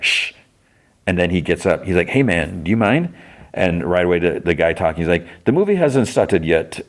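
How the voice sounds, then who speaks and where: A man with a very low, deep voice hosts a podcast and walks through a TV episode scene by scene. He talks loosely, stringing the story together with "he's like" and "she's like," and pops his voice up a little to act out the dialogue. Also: darkish tone. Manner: retells scenes with lots of "he's like", briefly acting out lines in a raised voice. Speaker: podcast host. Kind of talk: casual recap of a TV episode.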